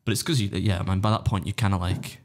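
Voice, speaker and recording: A man on a podcast rattles through stories in a lowish voice, slipping into quick put-on voices to quote people. He talks at a brisk clip and swears freely. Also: fairly even intonation. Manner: rapid anecdotal storytelling, acting out others' quotes. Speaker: podcast co-host and competitive eater. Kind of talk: casual podcast chat.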